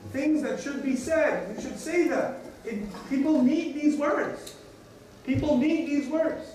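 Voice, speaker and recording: American guy preaching friday sermon, high voice, big echoey hall, mic a ways off. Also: darkish tone, distant mic, a little hiss or hum. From United States. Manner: emphatic, repeats key phrases, acts out quoted dialogue. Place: mosque prayer hall.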